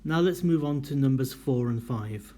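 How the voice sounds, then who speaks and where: A man teaching a recorded lesson, explaining deliberately and modelling lively intonation in example sentences. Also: medium pitch. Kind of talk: recorded lecture.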